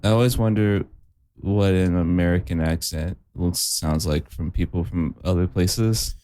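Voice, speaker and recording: A man hosting a comedy podcast, talking in a slow, laid-back way and reading out the show's housekeeping. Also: sits low, mellow, smooth. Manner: laid-back, slow, drawn-out host patter. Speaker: podcast host. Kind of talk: casual comedy podcast chat.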